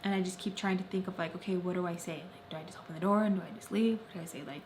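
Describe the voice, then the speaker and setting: A young woman vlogger telling a personal story, repeating phrases intensely and swinging between loud and soft. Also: lowish voice, steady tone, racing, few pauses, slight background noise. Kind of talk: emotional story-time narration.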